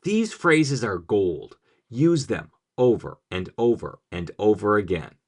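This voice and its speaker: A man's voice: on the low side, very animated, slow. A man giving a scripted, upbeat explainer on language teaching, with a punchy, jokey delivery.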